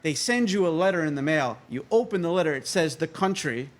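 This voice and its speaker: American man, 30s, slightly high voice, animated joking storyteller, interview guest. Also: brisk. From United States.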